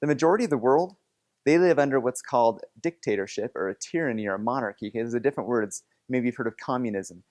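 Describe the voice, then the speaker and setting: A man's voice: mid-range voice, expressive, quick pace, darkish tone. A man leading a playful object lesson for students in a classroom, coaxing and joking with volunteers. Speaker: teacher.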